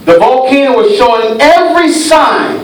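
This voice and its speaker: A man preaching a sermon in a church, telling a dramatic story and swinging between hushed tones and shouts. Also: extremely high pitch, animated, moderate pace. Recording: echoey church hall from far off, faint hiss.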